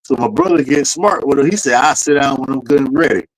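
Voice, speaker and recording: Animated man telling a family story. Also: medium pitch, fast talker, poor audio. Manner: animated storyteller with slang and profanity. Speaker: podcast co-host. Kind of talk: casual storytelling chat.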